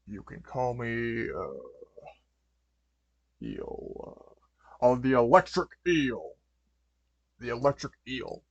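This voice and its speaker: A menacing electric-powered supervillain barks orders and sneers at his foes, voiced by a man reading a fan story aloud. He leans loud and blunt, close and dry, with a stumbling, repetitive delivery. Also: mid-range voice, sing-song, slow, long pauses, no room sound, highs cut off, heavily acted. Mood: taunting. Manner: barking, threatening, repeats himself.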